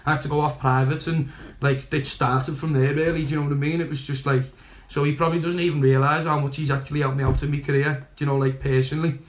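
A man's voice: fairly high pitch, little pitch movement, quick pace, reverberant. A young man telling a story in casual, rambling fashion, swearing and laughing along the way. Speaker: guest.

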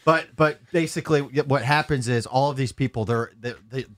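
A man's voice: medium pitch, fairly quick, no echo, clean studio sound. A man co-hosting a podcast, explaining things in casual chat. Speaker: podcast co-host.

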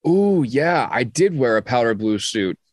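A man's voice: medium pitch, very animated, measured pace, a little mellow, no room sound. A young man from New Jersey, a singer-songwriter, chatting casually as an interview guest and often restarting his sentences. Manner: rambling, many restarts and stammered repeats.

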